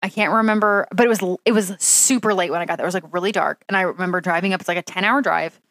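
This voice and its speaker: A woman's voice: fairly low pitch, fast talker, a bit bright, dry recording, clean studio sound. A young woman co-hosting a podcast, telling a long personal story in casual chat, full of "like". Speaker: podcast co-host.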